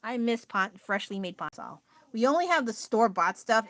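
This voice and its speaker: A woman's voice: on the high side, lively intonation, brisk, fairly bright tone, dry recording. A woman with an American accent chatting casually on a livestream, rambling and laughing often as she answers her chat. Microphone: phone.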